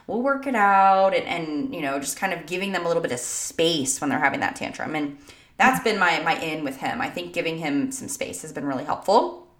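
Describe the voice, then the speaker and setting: A woman's voice: low voice, brisk, roomy sound. A woman in her thirties co-hosting a podcast from home, chatty and laughing often. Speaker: podcast co-host. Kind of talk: casual chat. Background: dogs barking.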